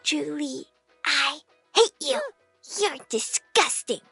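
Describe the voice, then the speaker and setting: A woman voicing a scheming little girl in an animated story, who talks with sweet menace and cries fake tears on cue. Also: sits high, slow, vocal fry, dry recording, faint music behind, exaggerated voice. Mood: sly.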